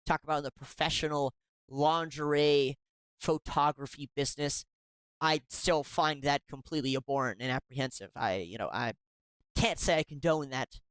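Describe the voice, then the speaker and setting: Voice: medium pitch, no room sound. A commentary show host reacting to emails read aloud, sarcastic and indignant, often restarting sentences.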